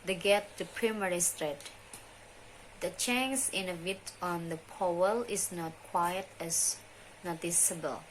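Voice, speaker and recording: A young woman, a student, presenting a phonology lesson in slow, halting, deliberate speech. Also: on the low side, slight background noise, rough recording. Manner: deliberate, halting delivery with restarts and mispronounced terms. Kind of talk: slow, careful lesson reading.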